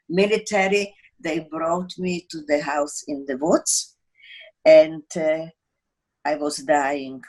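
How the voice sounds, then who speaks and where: A woman, recounting her life in an interview in halting, broken English as she searches for words. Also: on the low side, slightly rough, rough recording. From Czechoslovakia. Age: 80s. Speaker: interviewee, Holocaust survivor. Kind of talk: personal storytelling in interview.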